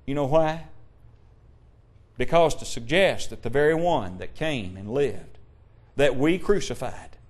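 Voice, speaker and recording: A man preaching a sermon, asking the congregation rhetorical questions and quoting old-style scripture, shifting between loud emphasis and hushed tones. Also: medium pitch, animated, a little slow, long pauses. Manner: King James scripture quotations.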